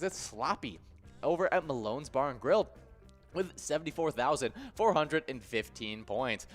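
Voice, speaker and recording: A man co-hosting a live game stream, reading out player standings with an upbeat announcer cadence and a lift on each place called. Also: medium pitch. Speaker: livestream co-host.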